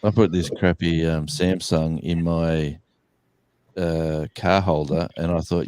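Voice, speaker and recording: A man's voice: low voice, steady tone, slow pace, a little mellow, clear, resonant tone, no room sound. An Australian man chatting and joking on a livestream call, teasing the others. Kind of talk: casual livestream chat.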